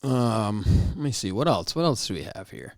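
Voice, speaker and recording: A man hosting a solo podcast, rambling in a casual, excitable way with frequent restarts and mock outrage. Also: fairly low pitch, normal speed, vocal fry, dry recording, clean studio sound. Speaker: podcast host.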